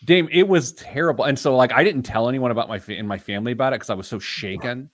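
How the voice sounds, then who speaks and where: A man's voice: medium pitch, fast talker, no room sound. A man hosting a casual radio show, telling jokey stories on a studio mic. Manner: animated storyteller, jokey. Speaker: host.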